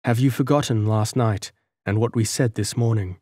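A man reading an audiobook, voicing an earnest young traveller who speaks calmly, gently and sincerely. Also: on the low side, normal speed, no room sound, studio quality, lightly acted. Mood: tender.

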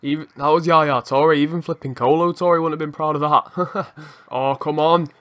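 Excitable young man commentating a game. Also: fairly high pitch, normal speed. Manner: excitable, shouts at the game, swears. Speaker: gaming channel host. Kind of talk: live gameplay commentary.

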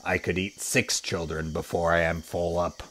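Man voicing a greedy storybook crocodile, deep, low gloating mutter. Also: flat delivery, moderate pace, a bit bright. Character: huge greedy scheming male crocodile.

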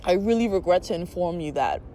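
A woman's voice: on the high side, slight background noise. A young woman reviewing hair products in a casual vlog, earnest and emphatic, repeating her points.

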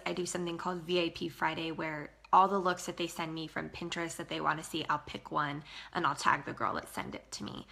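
A young woman talks in a chatty, upbeat way, full of fillers, as she trains her sales team. Her voice is bright and forceful, with a gravelly fry running under it. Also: lowish voice. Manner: upbeat and chatty, many fillers, greets viewers by name. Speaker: direct sales team leader giving training. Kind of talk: casual live training talk.

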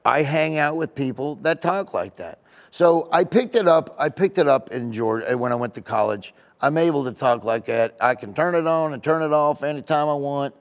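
A man, a comedian being interviewed, telling casual rambling anecdotes in an animated way. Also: a little high, moderate pace. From United States. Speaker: comedian guest.

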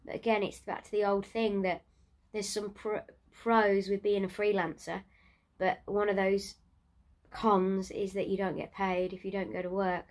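Woman, home vlogger, ill and exhausted, nasal, monotone, halting delivery. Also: mid-range voice. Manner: tired, breathy and halting, trailing off. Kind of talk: casual video diary. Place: in bed at home.

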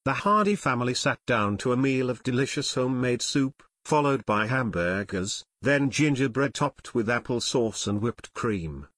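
A man narrating an unabridged audiobook in a steady storytelling manner on a close mic. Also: medium pitch, normal speed, few pauses, no echo. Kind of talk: scripted narration.

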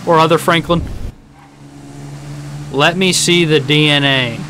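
A man live streaming a video game, chatting casually, rambling and joking with sudden loud outbursts. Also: a little high, steady tone, unhurried, noisy background.

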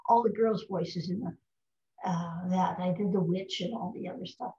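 Guesting on a casual interview, this older American voice actress spins lively stories and enjoys imitating voices. She talks at a moderate pace with a lowish pitch, and the recording has a roomy, slightly dull quality.

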